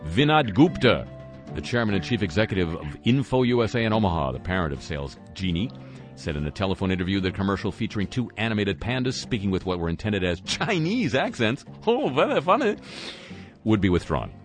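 A man's voice: low-pitched, lively intonation, fast talker, soft background music. A man hosting talk radio, reading news items with sarcastic, wry asides. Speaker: radio host.

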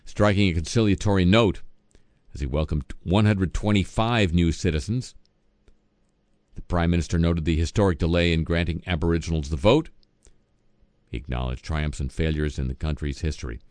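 A man's voice: low voice, steady tone, normal speed, a little mellow, no room sound. A man reading satirical news as host, dropping sardonic, wisecracking asides between items.

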